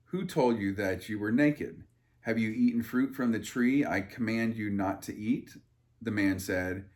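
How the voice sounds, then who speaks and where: A man reading a Bible passage aloud and breaking off into irreverent, crude joking asides, with a loose, rambling delivery full of fillers and restarts. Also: lowish voice. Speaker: Bible study leader. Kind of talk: casual Bible reading with commentary.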